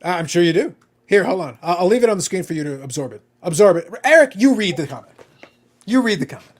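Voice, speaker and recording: A man's voice: sits high, animated, fast. A man hosting a casual hobby livestream, teasing his guests in a playful, mock-bossy way. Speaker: livestream host.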